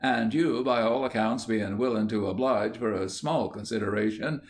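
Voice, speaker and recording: A man's voice: lowish voice, moderate pace, lightly acted. A man voicing an elderly, long-winded man in a Father Christmas costume explaining things formally.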